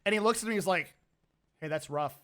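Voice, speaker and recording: Bright, high-pitched male streamer, loose and profane in casual chat with a friend. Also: fairly quick. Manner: swearing, animated storyteller. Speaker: vlogger and streamer.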